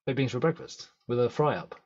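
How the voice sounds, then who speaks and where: A man's voice: mid-range voice, lively intonation, fairly quick, a little mellow, highs cut off. An English man chatting as a podcast guest, laughing easily and making self-deprecating asides. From England. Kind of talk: casual interview chat.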